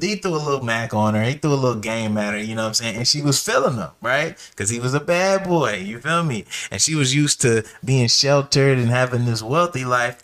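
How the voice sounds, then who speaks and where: A man's voice: mid-range voice, fairly bright tone. A man hosting his own podcast, telling a story in a loose, profane monologue full of slang and asides to listeners. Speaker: podcast host. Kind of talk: casual solo podcast monologue.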